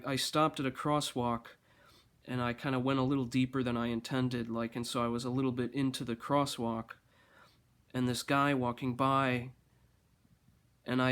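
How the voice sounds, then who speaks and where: A man speaks at an ordinary middle pitch in a loose, rambling monologue. He talks with dry sarcasm and mock-grand formality, often stopping and restarting his sentences. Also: clear, resonant tone.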